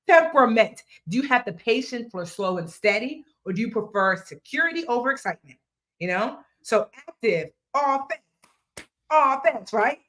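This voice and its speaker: Lively playful woman teaching a live class. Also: mid-range voice. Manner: lively, playful, talks straight to viewers, drops into slang and snatches of song. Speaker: financial educator hosting a live workshop.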